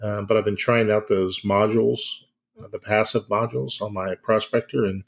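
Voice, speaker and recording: A man's voice: fairly low pitch, fairly even intonation, normal speed, vocal fry. A man co-hosting a podcast, chatting in a rambling way with many fillers and self-corrections. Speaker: podcast co-host. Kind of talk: casual podcast chat.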